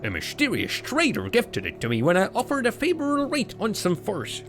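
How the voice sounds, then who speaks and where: A man's voice: high-pitched, big pitch swings, brisk, creaky, music in the background, pitched above the performer's own voice, heavily acted. A man putting on a jolly burly woodcutter. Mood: jovial. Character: friendly burly male woodcutter with shifting accents.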